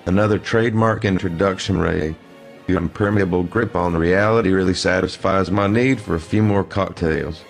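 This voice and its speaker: A man's voice: low voice, normal speed, vocal fry, soft background music. A man, dry and sardonic.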